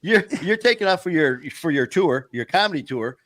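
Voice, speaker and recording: A man hosting a podcast, telling stories in a casual, animated way and laughing often. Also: a little high, normal speed, dry recording. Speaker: podcast host. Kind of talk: casual chat.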